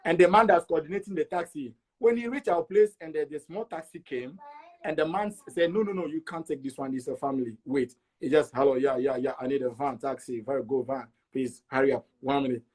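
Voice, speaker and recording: Middle-aged man, husky, a touch high. Animated storyteller, interview guest. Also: brisk. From Togo. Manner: animated, acts out dialogue with repeats.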